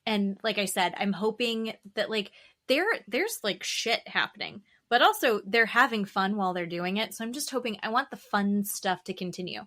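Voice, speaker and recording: Bright-voiced woman gossiping on a podcast. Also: medium pitch. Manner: animated, quick asides, bursts of laughter. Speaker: podcast co-host. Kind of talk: casual chat about reality TV.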